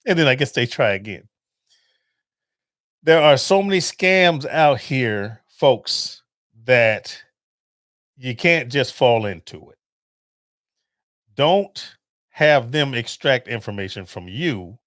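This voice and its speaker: A man's voice: mid-range voice, takes it slowly, long pauses, no room sound, studio quality. A man hosting a podcast, chatting casually and animatedly as he tells stories and acts out phone calls. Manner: animated storytelling with laughs and acted-out phone calls. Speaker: podcast host. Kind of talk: casual monologue.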